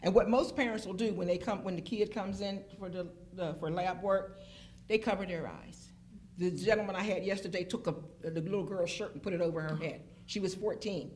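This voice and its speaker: At medium pitch and a fairly quick pace, with a bit of hiss or hum, a woman tells stories in a casual group chat. She's a phlebotomist guest from Pittsburgh, Pennsylvania, animated and emphatic, acting out the quotes as she goes.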